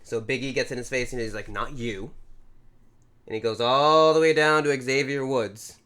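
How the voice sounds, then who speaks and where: Speaking fairly quickly and smoothly in a mid-range voice, this podcast co-host runs through a casual recap. His storytelling is animated, and he performs the quotes while retelling what happened.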